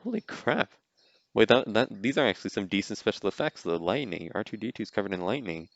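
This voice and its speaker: A man's voice: lowish voice, animated, fast, dry recording, muffled recording. A man hosting a podcast, giving a casual, rambling reaction commentary on a movie, with lots of "like" and "you know.". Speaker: podcast host.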